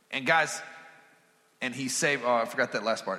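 A man's voice: mid-range voice, moderate pace, long pauses, sharp tone. A male pastor preaching earnestly and reading scripture aloud during a sermon. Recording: long hall reverb.

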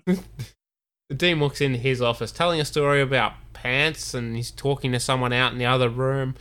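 A man's voice: medium pitch, steady tone, normal speed, sharp tone, clean tone. A man co-hosting a podcast, casually recapping episodes with dry, teasing humor. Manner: wry, storytelling, dry teasing. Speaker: podcast co-host.

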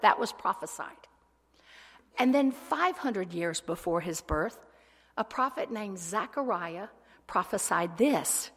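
A woman's voice: medium pitch, expressive, takes it slowly, slightly rough. Woman preaching in a reverberant hall. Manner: dramatic, swings between loud proclamation and hushed whispers. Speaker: speaker. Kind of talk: sermon.

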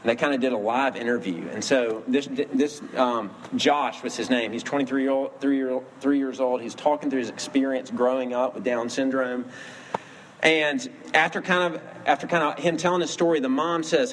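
Male preacher, sermon delivery, earnest storyteller, average pitch, faint background hum. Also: fairly even intonation, moderate pace. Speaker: pastor.

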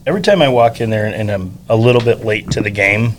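A middle-aged man hosts a casual interview, friendly and talkative, often breaking in with quick agreeing words. His voice is fairly low, with a faint noise bed behind it. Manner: chatty, agreeable, many short backchannels.

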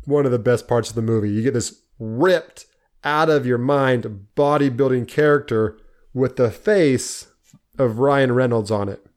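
Man, casual podcast co-host, enthusiastic, laughs a lot, mid-pitched voice. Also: unhurried, a little mellow. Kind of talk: casual movie chat.

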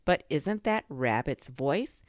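A woman's voice: sits low, expressive, no room sound, studio quality. Winnie the Pooh, a sing-song honey bear, as a woman puts him on. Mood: calling out. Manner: slow, sing-song humming and earnest questions. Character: honey-loving male teddy bear, simple and cheerful.

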